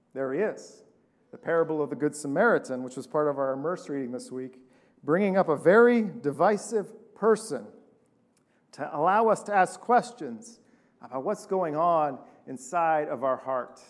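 Man, pastor, high-pitched voice, animated sermon storytelling, acts out quoted voices. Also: moderate pace.

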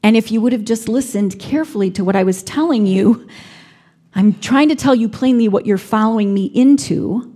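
A woman's voice: a little high, moderate pace, warm tone. Woman preaching a reflective sermon. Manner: reflective, acting out quoted speech.

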